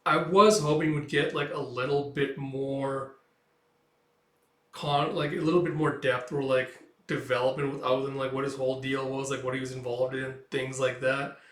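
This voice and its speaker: A man's voice: mid-range voice, flat delivery, moderate pace, fairly bright tone, echoey room. A young man casually reading through and commenting on a manga chapter, rambling with lots of fillers. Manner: rambling, filler-heavy, with sudden swearing. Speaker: manga reaction host.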